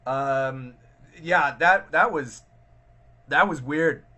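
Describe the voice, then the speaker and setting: A man's voice: fairly high pitch, very slow, bright, forceful tone. A man hosting a casual live chat, thinking aloud with many restarts and fillers while answering viewer comments. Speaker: livestream host.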